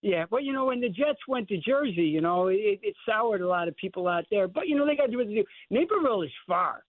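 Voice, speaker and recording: Fifty-something guy rambling on a tinny phone line, kinda high voice, lots of uhs. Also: lively intonation, no room sound. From Chicago area. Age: 50s. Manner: rambling, halting storyteller. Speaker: guest actor. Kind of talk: phone-in interview chat.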